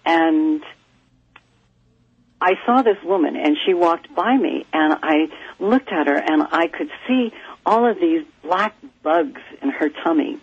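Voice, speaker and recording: Calling into a radio interview by telephone, a gravelly-voiced psychic from California, USA, tells stories slowly in a low pitch with no echo. She is lively and animated, performing the voices of the people she quotes.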